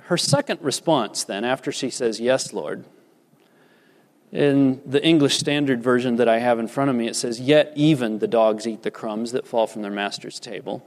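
A man preaching a sermon as a pastor, measured and deliberate, lifting his voice for emphasis. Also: mid-range voice. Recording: long reverb of a large hall.

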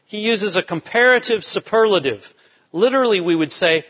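A man's voice: high-pitched, expressive, a little fast. A man preaching a sermon, emphatic, driving home key phrases by repeating them. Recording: dull lo-fi sound with long hall reverb.

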